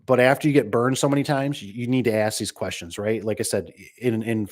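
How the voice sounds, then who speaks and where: A man's voice: medium pitch, steady tone, brisk. A man who runs a garage door business, giving casual, rambling advice and acting out little exchanges with customers. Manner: rambling, folksy, acts out dialogue.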